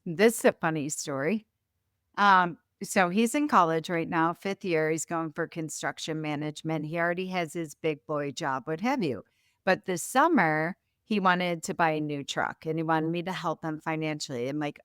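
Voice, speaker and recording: A woman in her forties, a business founder as interview guest, telling stories in a lively way and acting out the voices of the people in them. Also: lowish voice, moderate pace, clear, resonant tone, dry recording, studio quality. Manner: animated storyteller, acts out quoted voices. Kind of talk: casual interview chat.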